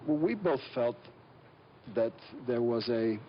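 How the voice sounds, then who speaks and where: A man being interviewed as an actor, telling stories in a relaxed, rambling way with lots of fillers and restarts. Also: medium pitch, takes it slowly. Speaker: actor guest. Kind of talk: casual anecdotal interview talk. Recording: dull lo-fi recording with faint hiss.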